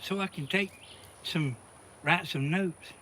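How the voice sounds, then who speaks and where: This Georgia man's high, bright voice comes out slow and forceful, with a Southern accent and slight background noise behind it. As the vlog's cameraman and co-host, he rambles and cracks jokes to viewers from an outdoor garden. The audio comes from the camera in his hand.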